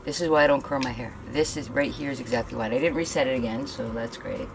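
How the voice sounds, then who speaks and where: A woman's voice: rumbling low, fast talker, a little hiss or hum. A young woman from Canada vlogging a hair tool demo, talking bluntly and venting her frustration. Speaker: beauty vlogger. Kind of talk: frustrated product demo vlog.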